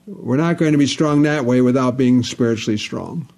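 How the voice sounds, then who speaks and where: A man's voice: mid-range voice, moderate pace, creaky, a little mellow. A man preaching a sermon, stressing points by restating phrases over and over. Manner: repetitive, emphatic, restates phrases.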